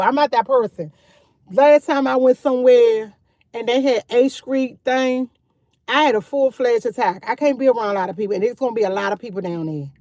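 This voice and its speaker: A vlogger live-streams outdoors on her phone, chatting candidly and freely with viewers and repeating herself. Her voice is on the high side, and the recording is dry.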